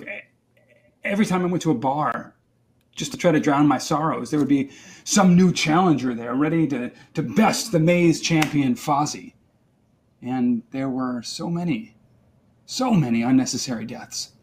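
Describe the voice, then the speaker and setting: A man's voice: fairly high pitch, a little hiss or hum. A man playing a tabletop game in character, rambling defensively with comic self-pity. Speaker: player voicing his character. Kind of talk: in-character tabletop role-play.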